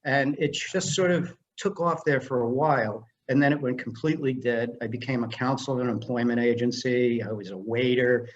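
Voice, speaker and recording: Older male guest, animated storyteller, mid-pitch voice, slightly dull lo-fi recording. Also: fairly quick, few pauses. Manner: animated storyteller who acts out dialogue. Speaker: guest, film director and screenwriter. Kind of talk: casual storytelling interview.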